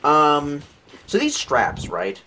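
A man's voice: fairly high pitch, wildly swooping pitch, takes it slowly, pushed and bright. A man in his late twenties casually reviewing outdoor gear, rambling with jokes and offhand swearing. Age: late 20s.

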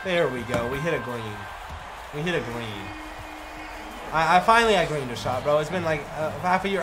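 A young man streaming a basketball video game, cursing in frustration and breaking into shouts at the plays. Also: on the high side, expressive, fairly quick. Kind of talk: live gameplay commentary. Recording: game music behind the voice.

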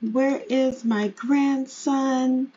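A woman voicing a fussy, doting Jamaican grandmother with a husky voice and a Jamaican accent. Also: high-pitched, fairly even intonation, extremely slow, dark tone, lo-fi sound, pitched above the performer's own voice, heavily acted.

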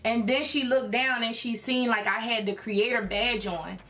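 A young woman from Philadelphia with a slightly high voice tells a story to her viewers in a loose, chatty vlog. She is animated, packs her talk with fillers and acts out what others said. Soft music plays underneath. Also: moderate pace. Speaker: YouTube creator.

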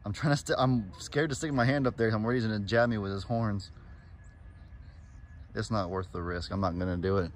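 A man with a somewhat low voice chats casually to his camera while walking around a farm. He talks to the animals, slipping into a cooing baby voice for them. A faint hum of outdoor ambience sits behind him. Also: fairly quick. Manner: chatty, coos fondly at animals in a baby voice. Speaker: farm vlogger.

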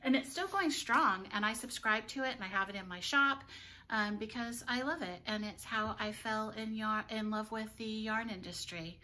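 A woman's voice: a little high, normal speed, sharp tone. A middle-aged woman who runs a yarn shop, chatting casually with frequent giggles. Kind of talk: casual chat.

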